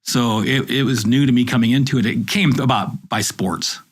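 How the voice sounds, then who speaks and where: Journalist guy w a husky voice, rambles on eager about stories. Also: medium pitch, moderate pace. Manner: enthusiastic, rambling storyteller. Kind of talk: casual chat.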